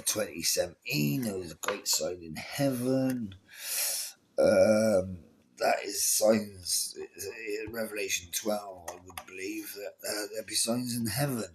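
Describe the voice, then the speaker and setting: Low-voiced man ranting, exasperated. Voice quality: profane, exasperated, pleading. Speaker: video creator. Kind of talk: ranting monologue.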